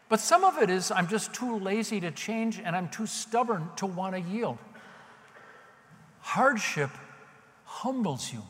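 A man's voice: fairly high pitch, fairly bright tone. A male pastor preaching a sermon in a conversational, self-deprecating way. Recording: long hall reverb.

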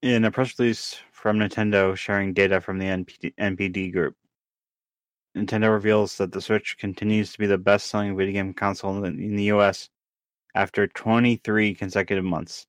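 A man reads out news on a podcast, steady and flat with small stumbles. His low, smooth voice stays even in pitch. The sound is dry and close. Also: fairly quick, no room sound. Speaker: podcast co-host. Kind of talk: reading news items on a podcast.

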